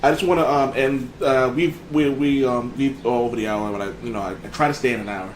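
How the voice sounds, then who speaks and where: A man hosting a laid-back talk show, full of ums and restarts as he winds through a story. His voice sits at an ordinary middle pitch. The room is echoey, with a faint hiss of noise underneath. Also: quick pace. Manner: rambling, many fillers and restarts. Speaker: podcast host. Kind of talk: casual chat.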